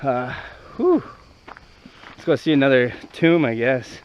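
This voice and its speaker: A man's voice: mid-range voice, very animated, unhurried, highs cut off, slight background noise. A young man from Canada vlogging casually outdoors at ancient ruins, rambling and swearing as he walks. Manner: brash, profane, rambling banter. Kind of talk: casual walking vlog.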